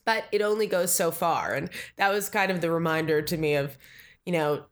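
In a casual interview, a woman in her thirties running for the Green Party talks at a moderate pace in a lowish voice. Her manner is chatty and full of fillers, and she acts out quoted talk.

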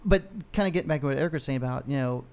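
A man's voice: mid-range voice, rapid-fire, clear, resonant tone. A man co-hosting a podcast, ranting in casual chat, heavy on profanity and rambling stories. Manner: profane, ranting, animated storyteller. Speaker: podcast co-host.

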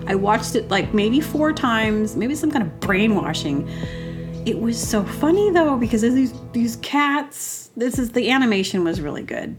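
A woman hosting a podcast, telling comic personal stories in a rambling, animated way and acting out quotes in exaggerated voices. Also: a little high, measured pace. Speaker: podcast host. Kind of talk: casual comedic storytelling. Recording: music playing behind.

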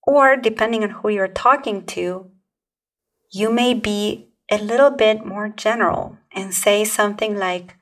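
A calm, measured woman hosts a podcast and explains her advice step by step at a middle pitch. She sits a little back from the microphone, so her voice sounds slightly distant. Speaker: podcast host. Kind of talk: scripted podcast talk on communication.

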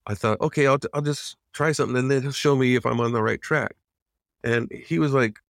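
A man's voice: medium pitch, brisk, gravelly, no room sound. Middle-aged guy recalling his animation days, earnest, lots of restarts, dry sound. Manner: earnest, reflective, many restarts and acted-out quotes. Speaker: veteran animator guest. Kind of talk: casual interview storytelling.

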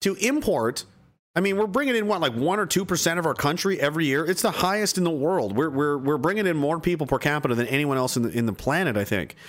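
A man's voice: on the high side, lively intonation, quick pace, a bit bright. A man streaming, ranting in a sarcastic, rambling way with stumbling restarts. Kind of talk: casual ranting commentary. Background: music.

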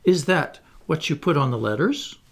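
A man's voice: fairly high pitch, expressive, moderate pace. Wendy, prim polite girl, read by a man. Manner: courteous, nice, slightly patronizing. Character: polite, motherly little girl, a bit superior.

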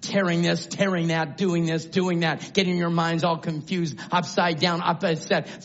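High-voiced preacher, dull lo-fi recording. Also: male voice, flat delivery, unhurried, hardly any pauses, a faint crowd. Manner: swings from low musing to shouted exclamations. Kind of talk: sermon. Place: church sanctuary.

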